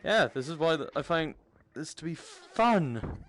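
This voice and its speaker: A man hosting a gaming video, telling a game-session story in casual chat, animated and often laughing. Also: on the high side, a little slow.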